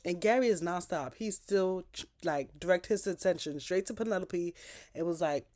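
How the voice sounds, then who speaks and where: A woman with a fairly low voice recaps a TV episode in casual chat. She talks in an animated way, full of slang and swearing, and she is close to the mic. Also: moderate pace. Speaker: TV show recapper.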